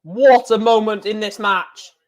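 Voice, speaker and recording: A man giving casual live reaction commentary on a darts match, chatty and excitable, with hiccups. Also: high-pitched, a little slow. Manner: excitable, chatty, sings along with crowd chants.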